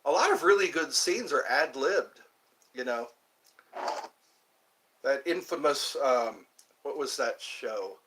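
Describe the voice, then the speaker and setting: A man hosting a casual livestream, rambling and answering viewer comments with halting fillers. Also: mid-range voice, expressive, fairly bright tone. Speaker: livestream host. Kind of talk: casual live chat with viewers.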